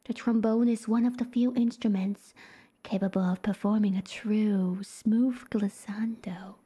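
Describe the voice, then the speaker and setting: A woman's voice: medium pitch, steady tone, moderate pace, warm tone, husky. A young woman streaming a game, gasping and reacting playfully as she reads in-game text aloud.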